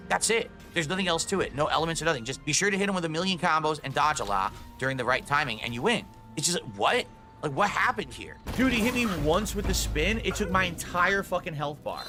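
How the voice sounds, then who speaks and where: A man's voice: fairly high pitch, lively intonation, fast, music in the background. A man, a gaming streamer, ranting angrily about games he played, swearing often and sounding fed up. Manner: angry, swearing, exasperated rants. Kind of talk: ranting game review over gameplay clips.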